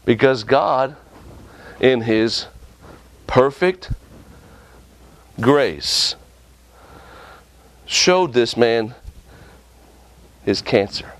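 A man preaching a sermon with impassioned delivery, often jumping up and down in pitch for emphasis. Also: animated, extremely slow, long pauses.

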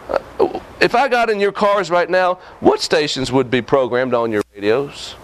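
A man preaching a sermon to his congregation. His voice sits a little high for a man. He talks in a folksy, scolding way and keeps checking whether his listeners are following. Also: moderate pace, slight background noise.

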